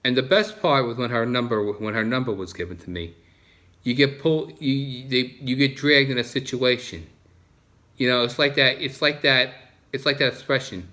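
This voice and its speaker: This New Jersey vlogger talks at a moderate pace in a casual, rambling monologue, his medium-pitched voice pushed and bright. He's repetitive, often starting over mid-thought.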